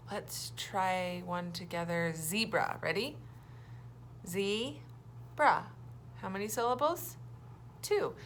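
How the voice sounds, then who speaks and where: Bright-voiced teacher speaking gently to young children. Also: female voice, lowish voice, a little hiss or hum. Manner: cheerful and self-deprecating, slow sing-song for young children. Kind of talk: remote phonics lesson for young children.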